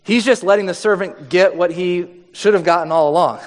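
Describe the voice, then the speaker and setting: A man's voice, pitched high for a male, rings through a long hall reverb as he preaches briskly. The pastor keeps things loose and conversational, reading scripture out loud and acting out each line.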